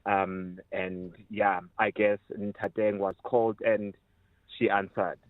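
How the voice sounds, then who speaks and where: Halting man on a phone line. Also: lowish voice, little pitch movement, no room sound. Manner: halting, hesitant, searching for words. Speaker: caller, former radio producer. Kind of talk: radio call-in tribute. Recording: tinny phone line, dry.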